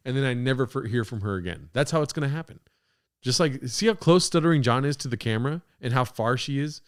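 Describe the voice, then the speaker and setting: A man hosting a podcast, reacting to stream clips in casual, excitable, profane talk, laughing often. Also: mid-range voice, fast talker.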